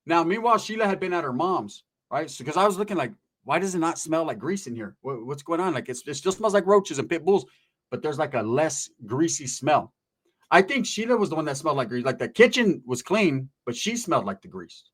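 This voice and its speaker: Young man, comic storyteller, rambling and profane, lively swooping voice, quick talker. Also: on the high side. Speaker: comedic storyteller.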